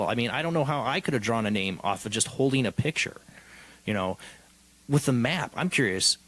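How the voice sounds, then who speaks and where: A man's voice: medium pitch, a bit bright, rough recording. Man, podcast host, curious, stammers and restarts, casual questions. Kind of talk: casual interview.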